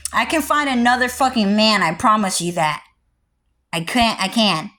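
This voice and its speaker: A woman vlogger ranting in a rambling, heavily profane way, jumping from loud outbursts to low mutters. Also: normal speed. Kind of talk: rambling livestream rant.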